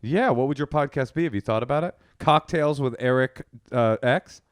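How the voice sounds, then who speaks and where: A man's voice: mid-range voice, moderate pace, clear, resonant tone, no room sound, studio quality. A man co-hosting a podcast, talking in a laid-back, rambling way and laughing often. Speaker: podcast co-host. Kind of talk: casual podcast chat. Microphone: remote call.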